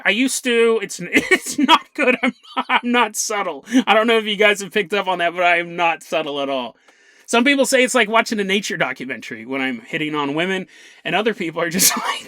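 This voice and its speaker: A man's voice: sits high, pushed and bright, dry recording. A young man hosting a podcast, telling a comedic story in a rambling, jokey way and acting out quotes in funny voices. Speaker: podcast host.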